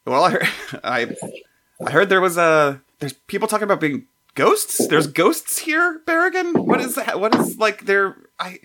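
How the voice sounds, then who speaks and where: A boisterous, rambling aunt , put on by a man in a tabletop game, stumbling over her words as she demands answers. The voice sits noticeably higher than his own and swings widely in pitch. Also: very animated, pushed and bright, exaggerated voice. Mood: demanding. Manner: rambling, halting, indignant questions. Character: boisterous middle-aged aunt, a woman.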